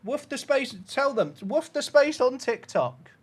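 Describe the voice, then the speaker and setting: A man with an extremely high voice and big pitch swings chats on a live stream at a slightly slow pace, with no echo. He rambles, chops himself off mid-word, and coos affectionately at his puppy between comments.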